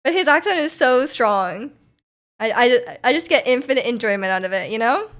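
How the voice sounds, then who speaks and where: A woman's voice: on the high side, lively intonation, normal speed, fairly bright tone. A young woman streamer chatting casually with her viewers, rambling with lots of "like"s and restarts and laughing often. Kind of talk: casual chat reading chat messages.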